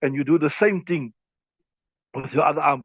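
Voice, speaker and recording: A man's voice: on the high side, moderate pace, no room sound. A man teaching a lesson on a classical text, repeating himself and talking listeners through hand movements. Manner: repetitive, demonstrating with his hands. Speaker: teacher of Islamic law. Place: class also streamed online. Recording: tinny phone-like audio.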